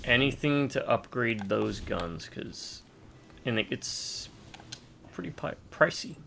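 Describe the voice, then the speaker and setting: A man chatting casually with a friend while they play a co-op game, jokey and excitable, with sudden shouts. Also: mid-range voice, slow, creaky, slight background noise. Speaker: co-host gamer. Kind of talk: casual co-op gaming chat.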